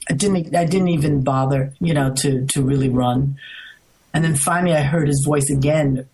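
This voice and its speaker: A middle-aged woman from the United States, a guest in an interview, telling a story in an animated, rambling way, restarting often. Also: low voice, moderate pace, husky, low-quality recording. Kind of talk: casual storytelling.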